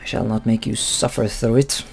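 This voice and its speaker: A man's voice: fairly low pitch, little pitch movement, moderate pace, gravelly, slightly rough, soft background music. A man giving casual, rambling commentary over a strategy game, chuckling and swearing offhandedly. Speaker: let's play host.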